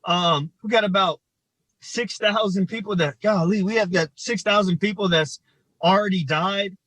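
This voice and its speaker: A man from Ohio, a community organizer speaking outdoors, choked up and halting with many fillers. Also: sits high, fairly bright tone, no echo, rough recording. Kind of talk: livestreamed protest testimony. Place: outdoors in front of a state capitol.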